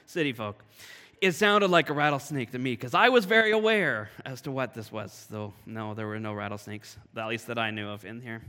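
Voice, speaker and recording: A man from Canada giving a sermon, telling a personal story in a lively, animated way. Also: mid-range voice. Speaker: pastor. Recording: long hall reverb.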